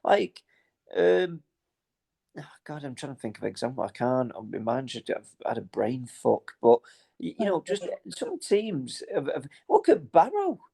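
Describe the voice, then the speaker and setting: A man co-hosting a casual football podcast, animated and swearing, often trailing off mid-thought. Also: mid-range voice, a little slow, gravelly, husky. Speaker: podcast co-host.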